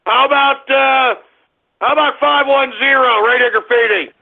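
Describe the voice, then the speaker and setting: A man hosting a call-in radio comedy show, ranting and shouting at callers in a cartoonishly high, strained voice. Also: steady tone, normal speed, vocal fry. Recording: tinny phone-line sound.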